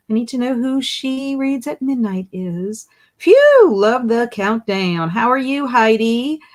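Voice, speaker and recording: An adult woman with a twang hosts a live reading stream. She reads out chat names and greets each one with a high, sing-song hello before chatting easily about books and plans. Her pitch sits in a middle range. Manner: greets chatters by name with bright rising hellos. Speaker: livestream host. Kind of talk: casual livestream chat.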